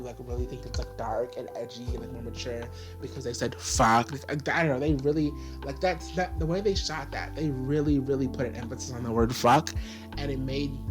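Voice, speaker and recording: A man talks through a casual video review in a sassy, exasperated rant, scattering fillers through every thought. His voice sits at an everyday middle pitch. Faint music plays quietly behind him. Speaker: TV show reviewer.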